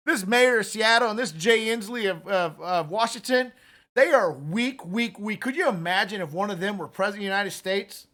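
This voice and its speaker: A man's voice: sits high, bright, forceful tone. A man hosting an opinionated political commentary show, ranting in a fired-up, conversational way and talking straight to his listeners.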